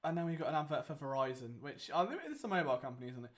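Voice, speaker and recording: A man's voice: on the high side, very animated, rapid-fire. Exasperated man calling a game. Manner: exasperated, sarcastic, jumps between loud outbursts and mutters. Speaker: sports watchalong host. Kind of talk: live game commentary.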